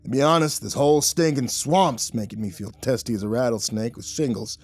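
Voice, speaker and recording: A man's voice: medium pitch, a little fast, darkish tone, slightly rough, lightly acted. Man doing Jacob, a growling gunslinger. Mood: irritated. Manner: drawling, growling threats. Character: gruff drifter gunslinger man, short-tempered.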